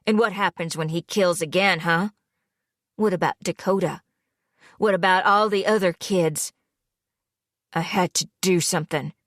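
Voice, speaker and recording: A woman voicing a young man who is a cold and angry fiancé, speaking curtly in a low voice in an audiobook. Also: a little slow, pauses often, a bit bright, no echo, studio quality. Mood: cold, bitter. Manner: curt, bitter, low-voiced. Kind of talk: audiobook character voice.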